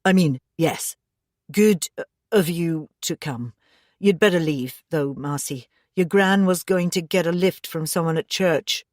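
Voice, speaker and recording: A woman's voice: fairly low pitch, a little slow, a little mellow, dry recording, clean studio sound, lightly acted. A woman reading the lines of a tense, frustrated middle-aged father in an audiobook, curt and defensive.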